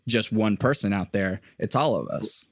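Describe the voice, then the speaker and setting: A man guesting on a podcast, thoughtful and halting, often restarting a sentence. His pitch is ordinary for a man. The sound is dry and close to the mic. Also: no echo. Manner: reflective, halting with many restarts. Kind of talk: casual conversation.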